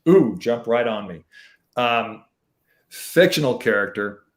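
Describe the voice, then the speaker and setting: A man's voice: medium pitch, lively intonation, slow pace. A man, a mystery author, chatting on a video call in a rambling way, often restarting his phrases. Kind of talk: casual conversation. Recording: roomy echo.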